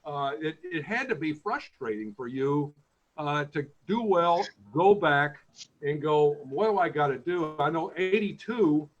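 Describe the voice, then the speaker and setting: A man co-hosting, a former pitcher, asking questions haltingly with many fillers. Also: animated. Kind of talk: casual interview questions. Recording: dull lo-fi audio with faint noise.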